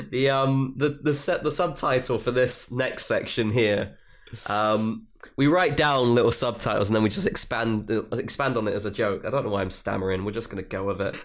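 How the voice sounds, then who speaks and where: A man's voice: on the low side, normal speed. A man co-hosting a casual podcast, joking and teasing his friend in a playful way. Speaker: podcast co-host. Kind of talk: casual chat.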